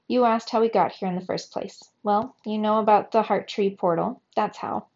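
A woman's voice: mid-range voice, fairly even intonation, moderate pace, darkish tone, close to an everyday voice. A woman reading aloud, voicing an earnest, modest teenage hero boy from a storybook, on a slightly muffled recording.

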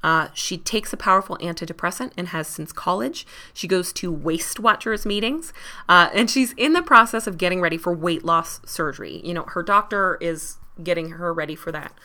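A woman's voice: on the low side, bright, forceful tone. A woman from southwestern Ontario hosting a podcast, ranting passionately and chattily with plenty of fillers. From southwestern Ontario, Canada. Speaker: podcast host. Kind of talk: casual ranting podcast monologue.

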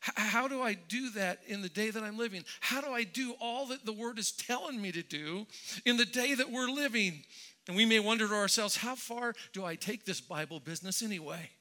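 A man's voice: sits high, a little fast, bright, forceful tone. A man preaching a sermon, telling a story in a conversational way with many restarts and repeated words. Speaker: pastor.

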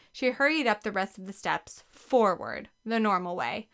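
A woman narrating a children's book with a lively, expressive reading. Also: medium pitch, normal speed, clear, resonant tone. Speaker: audiobook narrator. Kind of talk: scripted narration.

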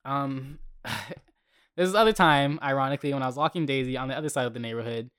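Young man, podcast host, casual storytelling rant, heated, profane, animated, mid pitch, dry close sound. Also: brisk, clean tone, no echo.

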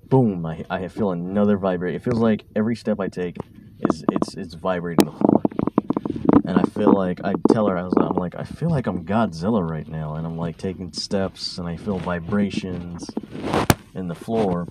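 A man's voice: deep voice, background noise. A man hosting a podcast, telling a story casually and rambling, with stutters and restarts. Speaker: podcast host.

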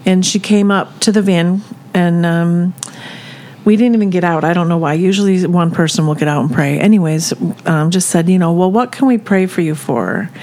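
A woman who volunteers with a ministry, telling a story in a halting way, with many fillers and restarts. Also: lowish voice, fairly even intonation, darkish tone. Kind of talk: casual storytelling chat.

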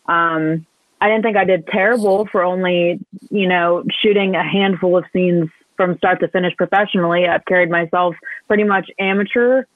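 Soft-spoken woman on a tinny line. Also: on the low side, normal speed, dry recording. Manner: soft, calm and hesitant, many ums. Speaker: podcast guest. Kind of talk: casual interview answers. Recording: tinny phone-like line, dry.

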